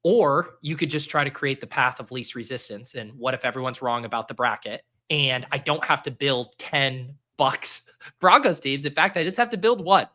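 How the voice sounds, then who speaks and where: Bright-voiced man talking fantasy football. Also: mid-range voice, moderate pace. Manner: laid-back, thinks aloud with fillers and restarts. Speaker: podcast host. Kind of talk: casual fantasy football chat.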